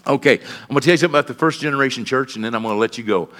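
A man's voice: mid-range voice, racing, a bit bright. A middle-aged man, preaching a sermon in a folksy style full of repeated phrases and asides. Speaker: pastor.

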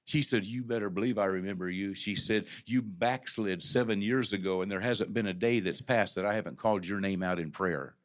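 A man preaching a sermon as pastor of his church, moving from low conversational talk to loud, impassioned climaxes with stammered restarts. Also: fairly quick, hardly any pauses. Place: church sanctuary.

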